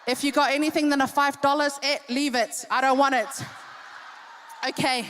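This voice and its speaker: A woman's voice: high voice, fairly even intonation, normal speed, fairly bright tone, slight background noise. A woman in her fifties doing cheeky live comedic banter as the entertainer at a charity dinner in a large hall. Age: 50s. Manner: cheeky, teasing the audience.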